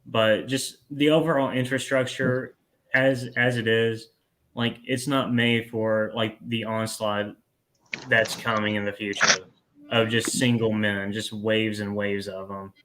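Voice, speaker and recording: A man's voice: lowish voice, little pitch movement, a little slow, a bit bright, a little hiss or hum, poor audio. A man hosting a podcast in casual chat, rambling along, laughing easily and tacking "man" onto his sentences. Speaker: podcast host.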